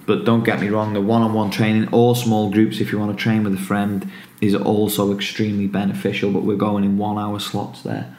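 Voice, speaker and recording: Low flat-toned guy hosting a football podcast, chill chat, echoey room. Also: brisk. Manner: laid-back, promotes the show's coaching camps. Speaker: podcast host and football coach.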